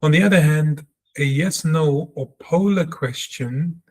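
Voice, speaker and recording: Slow, deliberate male Hebrew teacher. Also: fairly high pitch. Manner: deliberate, repeats words and sounds for practice. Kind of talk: slow spoken lesson, reading aloud and explaining.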